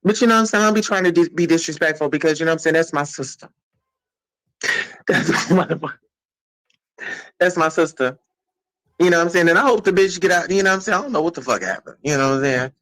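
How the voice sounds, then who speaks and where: A woman vlogger telling stories in a casual, profane rant that bursts into shouting. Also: lowish voice, quick pace, pauses often, rough recording.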